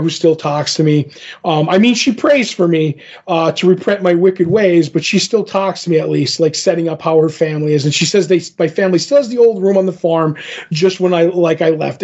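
A man's voice: fairly high pitch, darkish tone, highs cut off. A man co-hosting a podcast, recapping a comic book issue in a casual, rambling way with many fillers. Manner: retells a comic with filler words and restarts. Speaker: podcast co-host.

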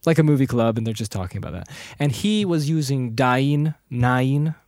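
A man's voice: mid-range voice, very animated, quick pace, mellow, no room sound. A man talks casually and with energy as he hosts the conversation. His voice sits in a middle range and is recorded dry and close, with no room sound. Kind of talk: casual chat.

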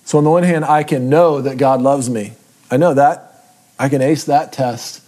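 A Bible teacher delivers a conversational, self-deprecating lesson, keeping it casual and frequently checking in with listeners through tag questions. The man's voice is mid-range and mellow, at a moderate pace.

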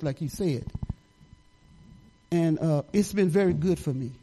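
A woman's voice: on the low side, lively intonation, unhurried, long pauses, dark tone, rough recording. An older woman pastor, preaching in a folksy, conversational way, rambling into personal stories with asides. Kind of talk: informal testimony sermon.

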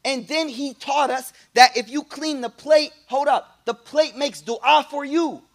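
A man giving a lively religious talk to a congregation, slangy and casual, with frequent restarts and playful asides. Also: very high voice, unhurried. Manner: animated, playful preaching. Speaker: Islamic teacher.

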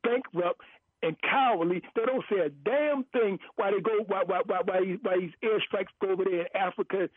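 A man's voice: sits high, brisk, slightly rough, dry recording. A man calling in to a talk radio show, ranting heatedly and repeating himself like a preacher. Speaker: caller. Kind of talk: call-in radio rant. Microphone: telephone. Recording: tinny phone line.

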